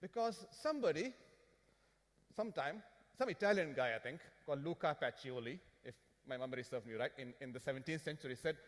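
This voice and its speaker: A fairly high-voiced man talks finance to a conference crowd, animated and joking as he fires questions at them. His voice rings out through the long reverb of a large hall. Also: fairly quick. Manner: animated, jokey, asks the audience questions. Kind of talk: lively business seminar talk.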